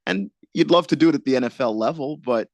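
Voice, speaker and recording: A man's voice: mid-range voice, lively intonation, quick pace, darkish tone, no room sound. A man co-hosting a radio show, laid-back and self-deprecating in casual banter. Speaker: radio co-host.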